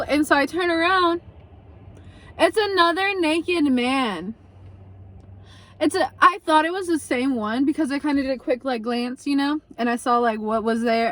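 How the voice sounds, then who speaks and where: Animated young woman telling a wild story. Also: high-pitched. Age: young adult. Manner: animated, swearing, acts out quotes. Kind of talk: casual storytelling to camera.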